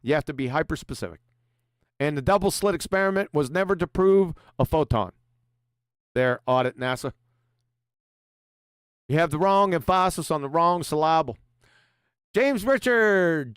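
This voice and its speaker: High, lively-voiced profane stream host. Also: male voice, normal speed, clear, resonant tone, no room sound, studio quality. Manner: profane, mocking, laughs often. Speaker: livestream host. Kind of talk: combative livestream commentary, reading super chats.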